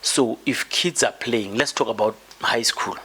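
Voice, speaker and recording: A man's voice: mid-range voice, measured pace, sharp tone, breathy edge. A man hosting a podcast, delivering an emphatic political commentary monologue and often repeating words as he builds his point. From South Africa. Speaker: podcast host.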